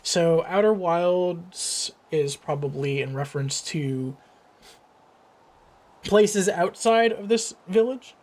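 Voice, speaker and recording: Guy with a fairly high voice talking to himself while playing a game, curious, lots of ums. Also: slow, darkish tone. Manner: musing, thinking aloud with fillers and trailing questions. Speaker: let's play host. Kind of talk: casual gameplay commentary.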